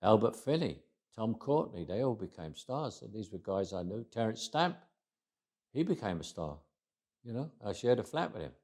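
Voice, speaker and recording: Older man telling stories, low-pitched. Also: very animated, normal speed, a little mellow. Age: 80s. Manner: reflective, repeats words as he restarts. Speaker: interview guest. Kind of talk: anecdotal interview storytelling.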